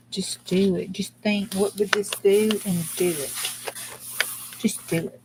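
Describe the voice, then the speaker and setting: A woman's voice: mid-range voice, little pitch movement, a little slow, background noise. A woman chatting bluntly and casually while she crafts on her channel, cursing mildly as she works. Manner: folksy, blunt, mild cursing, talks while working. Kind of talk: casual crafting livestream chat.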